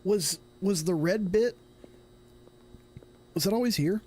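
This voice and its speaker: A man's voice: high-pitched, slow, darkish tone, a little hiss or hum. A young man from Tennessee streaming a horror game, chatting casually and thinking aloud in a rambling, self-correcting way. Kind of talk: casual live gameplay commentary.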